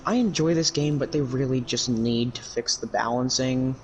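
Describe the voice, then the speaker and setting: A male gamer on a livestream, venting about the game in frustrated, profane commentary. His voice sits at an average pitch. Faint noise runs behind it. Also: moderate pace, poor audio. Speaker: gaming streamer.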